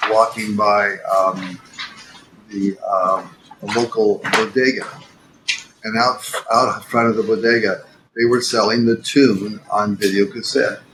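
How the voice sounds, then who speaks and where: A man's voice: on the low side, fairly even intonation, measured pace, noisy background. An older man telling a long story casually as a podcast guest, with many fillers and restarts.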